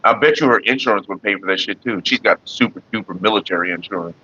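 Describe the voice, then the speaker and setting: A man's voice: fairly low pitch, fast talker, bright, forceful tone, husky, dull audio. A middle-aged man hosting a casual livestream, talking bluntly and with lots of swearing straight to his chat viewers. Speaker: livestream host.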